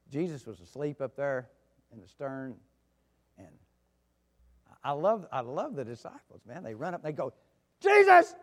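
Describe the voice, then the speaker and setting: A man preaching a sermon at a middle pitch, telling stories in a folksy way. He drops to soft asides and then rises to loud outbursts. His voice carries a long reverb, as in a big hall.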